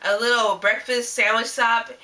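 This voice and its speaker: Bright-voiced woman telling a rambling story. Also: fairly high pitch, normal speed. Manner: rambling and animated, constant "like" fillers. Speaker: vlogger. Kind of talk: casual storytelling. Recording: voice a little distant from the mic.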